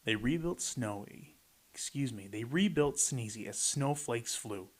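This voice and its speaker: Reading a rhyming picture book a little slowly, a man in a mid-range voice with lively intonation breaks in between pages with playful, chatty asides.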